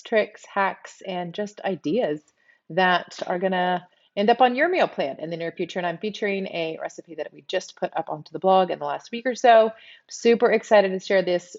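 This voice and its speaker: A middle-aged woman with a Texas twang hosts a live cooking demo from her home kitchen, talking straight to her viewers in a chatty way. Her voice sits a little low. The stream audio is a bit dull and lo-fi. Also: a little mellow. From South Texas. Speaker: cooking show host.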